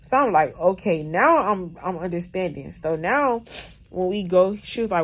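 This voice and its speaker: A woman in her thirties talks straight to her viewers in a loose, chatty way, full of "like" and "bro". Her voice sits a little low for a woman. She is still sore after surgery. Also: normal speed. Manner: animated, chatty, lots of "like" and "bro". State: recovering after surgery, in discomfort. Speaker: vlogger. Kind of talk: casual storytelling to camera.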